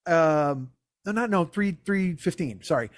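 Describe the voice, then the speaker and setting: A man's voice: fairly high pitch, unhurried, dry recording. A middle-aged man hosting a comedy podcast, telling a story in casual chat, swearing freely and acting out both sides of the dialogue. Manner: profane, animated, acts out quoted dialogue.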